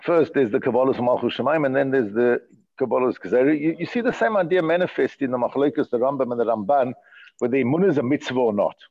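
A man's voice: mid-range voice, creaky, darkish tone, slightly rough, highs cut off. A man giving an informal Torah class in a study hall, explaining texts with many restarts, jokey asides and Yiddish-inflected phrasing. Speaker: Torah teacher. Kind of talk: informal Talmudic class lecture.

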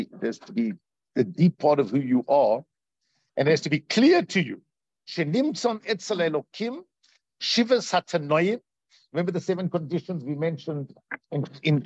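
A man teaching a Torah class in a lively way, acting out quoted voices and asking his listeners questions, on a dull lo-fi recording. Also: a little high, moderate pace, dry recording.

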